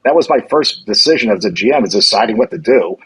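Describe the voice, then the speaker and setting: A man's voice: lowish voice, fast, husky, poor audio. A middle-aged man, a guest on a podcast, casually telling stories and acting out what others said, with lots of restarts. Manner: animated storyteller acting out quoted lines, many restarts. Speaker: former hockey general manager, guest. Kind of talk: casual chat, storytelling.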